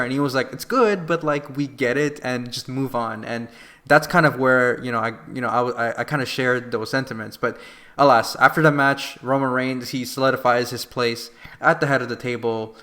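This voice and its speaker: A man co-hosting a podcast, retelling a wrestling event in an animated, casual way full of fillers. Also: mid-range voice, brisk. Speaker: podcast co-host. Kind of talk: casual wrestling review chat.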